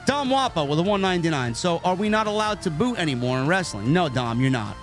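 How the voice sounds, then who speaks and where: A man's voice: on the high side, quick pace, faint music behind. A man hosting a casual wrestling review show, reading super chats and ranting bluntly with plenty of swearing. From New York. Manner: blunt, profane, animated rants.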